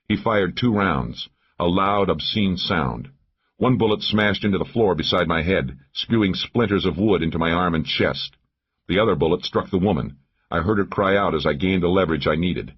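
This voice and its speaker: A man narrating a first-person thriller audiobook in a steady, measured way. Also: low-pitched, breathy edge, lo-fi sound.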